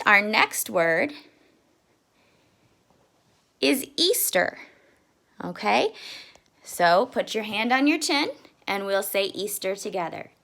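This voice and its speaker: A woman teaching young children, patient and sounding out words slowly. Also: mid-range voice, fairly bright tone. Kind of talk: children's lesson.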